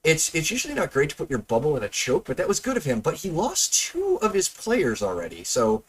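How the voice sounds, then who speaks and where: A male host breaking down gameplay in loose, chatty commentary, often restarting a thought mid-sentence. His voice sits slightly high and moves lively up and down as he talks. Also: a little fast, husky. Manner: chatty, explains with stops and restarts. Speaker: host, game reviewer. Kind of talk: casual gameplay review commentary.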